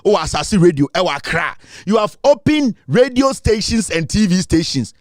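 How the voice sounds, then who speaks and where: A Ghanaian man rants in mocking political commentary, his voice pitched high and swinging widely up and down. He taunts and laughs often, and the sound is close and dry. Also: sing-song, moderate pace, no room sound. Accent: Ghanaian English. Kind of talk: ranting online commentary.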